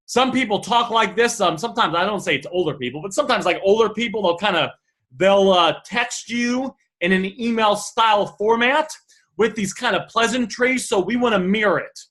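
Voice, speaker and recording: A young man with a high, bright voice runs a live sales lesson. He talks casually and thinks out loud with plenty of ums. His tone stays loose and conversational. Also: normal speed, low-quality recording. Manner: casual, thinks aloud with fillers. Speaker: sales trainer. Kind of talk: live online class, reading student messages.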